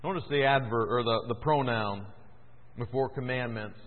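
A man preaching a sermon in a church, moving between loud, fervent emphasis and quiet, hushed stretches. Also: mid-range voice, moderate pace. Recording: tinny echoey church recording.

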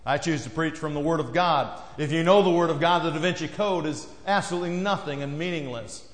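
A male pastor delivers a sermon in a slightly raised voice. He preaches conversationally, often dropping low and soft to hammer a point home. The sound rings around a roomy church hall with a long tail. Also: a little fast. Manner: conversational preaching, acts out quoted voices, drops low and quiet for emphasis. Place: church sanctuary.

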